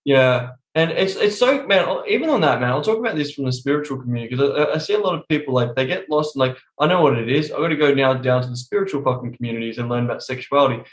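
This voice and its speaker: A man's voice: medium pitch, animated, fast, hardly any pauses. A man chatting on a podcast in a blunt, emphatic way, swearing constantly. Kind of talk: casual podcast chat. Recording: roomy echo.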